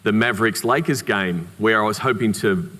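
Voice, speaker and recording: An Australian man giving a conference keynote, telling anecdotes in a lively way with humorous asides. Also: on the low side, normal speed. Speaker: keynote speaker. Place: conference hall. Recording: reverberant conference hall.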